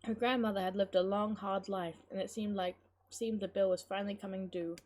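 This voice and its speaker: Over loud game music, a female streamer reads out a game's storyline in a steady, medium-pitched voice at a fairly quick pace. Her tone is casual, and she stops now and then to swear at the game and chat.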